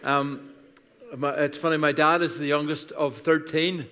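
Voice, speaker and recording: A man's voice: on the high side, steady tone, measured pace, pushed and bright, clean tone. A man in his sixties with an Irish accent, a guest pastor telling funny stories in a chatty, self-deprecating sermon. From Ireland. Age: 60s. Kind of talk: humorous sermon storytelling. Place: church auditorium. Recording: reverberant church hall.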